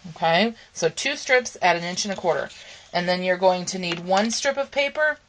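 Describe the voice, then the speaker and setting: A woman's voice: fairly low pitch, animated, moderate pace, a bit bright, a little hiss or hum, poor audio. A woman hosting a casual papercraft tutorial, talking through each step with ums and okays while she is losing her voice. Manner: chatty step-by-step instructions with frequent ums and okays. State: losing her voice, clearing her throat. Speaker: crafting channel host.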